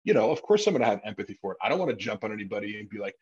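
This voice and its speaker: A man's voice: fairly low pitch, very animated, racing, a little mellow, slightly rough, muffled recording. A man hosting a podcast in casual conversation, rambling with lots of fillers and some swearing. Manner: rambling, many fillers, profane. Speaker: podcast host.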